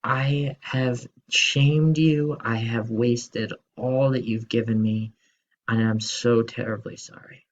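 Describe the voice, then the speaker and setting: A man's voice: medium pitch, steady tone, slow, highs cut off, close to an everyday voice. A male teacher voicing a young son apologizing to his father, in a story for children. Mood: remorseful. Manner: pleading, apologetic. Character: remorseful young prodigal son.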